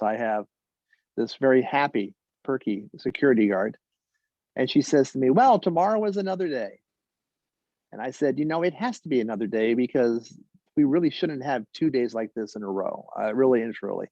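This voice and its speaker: A man telling a wry personal story on stage, halting and full of restarts. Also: mid-range voice, a little mellow, no echo, muffled recording.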